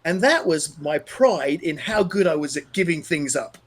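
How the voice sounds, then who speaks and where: A man's voice: a little high, lively intonation, normal speed. A man putting on a laid-back old American surfer dude. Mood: matter-of-fact.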